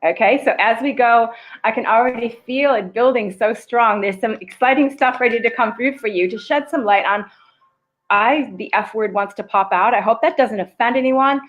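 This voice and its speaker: A woman's voice: on the high side, normal speed, poor audio. Earnest woman leading a live meditation. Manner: earnest, emotive, swearing at times. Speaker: spiritual coach. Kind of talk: live-streamed guided meditation talk. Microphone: live stream camera.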